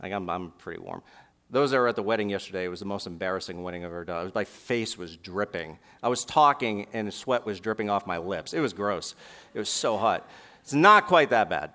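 A man preaching in a church with a bright, forceful voice. He reads scripture slowly, and he leans hard on the lines he wants to stress. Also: low voice, animated. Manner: preaching with dramatic slow emphasis on scripture lines. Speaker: pastor. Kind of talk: sermon. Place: warm church sanctuary.

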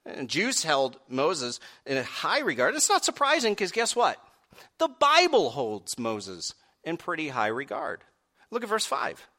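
A man preaching a sermon, asking the congregation direct questions and swinging from quiet earnest stretches to loud raised peaks. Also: fairly high pitch, huge pitch swings, measured pace. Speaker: pastor.

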